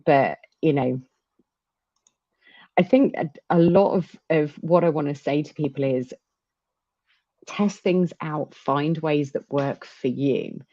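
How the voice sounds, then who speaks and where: A woman talking candidly in a casual chat, halting often and restarting her sentences. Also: deep voice, warm tone, no room sound. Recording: dull dry lo-fi sound.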